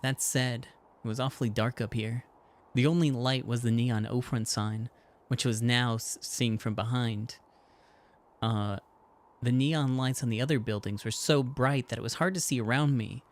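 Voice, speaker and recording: A man's voice: mid-range voice, fairly even intonation, moderate pace. A man streaming, reading a visual novel's text aloud expressively, with casual asides.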